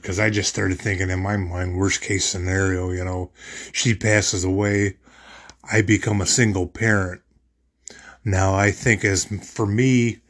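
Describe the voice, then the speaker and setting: A man's voice: low-pitched, a bit bright. A man talking on his podcast in a rambling, emotional monologue, often repeating himself as he recounts his thoughts. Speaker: podcast host. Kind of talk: personal monologue.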